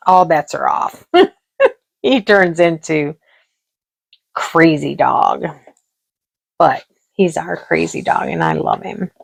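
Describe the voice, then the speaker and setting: Low, gravelly-voiced woman chatting casually. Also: a little mellow, no echo. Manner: chatty, rambling, with laughs and quoted dialogue. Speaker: craft vlogger. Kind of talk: casual storytelling while crafting.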